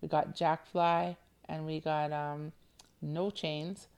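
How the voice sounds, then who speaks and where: Slow, gravelly-voiced woman podcast host. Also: low-pitched, flat delivery, darkish tone. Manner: playful, affectionate, coaxing listeners with repeated check-ins. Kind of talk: motivational podcast talk.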